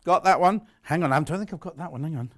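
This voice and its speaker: A man's voice: a little high, fast talker. A British man presenting live on a shopping channel, chatty and gushing as he shows off fabrics. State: out of breath. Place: TV studio.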